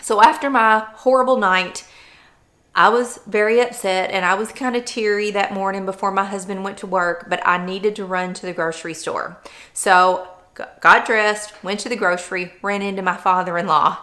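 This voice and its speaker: Bright-voiced woman sharing candidly. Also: mid-range voice, fairly even intonation, normal speed. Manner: candid, earnest storytelling. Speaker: vlogger. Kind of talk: personal vlog chat.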